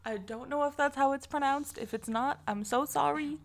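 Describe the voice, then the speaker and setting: A woman's voice: sits high, normal speed. A young woman co-hosting a casual podcast chat, giggly and gushing, swearing often, on a cheap echoey microphone. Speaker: podcast co-host.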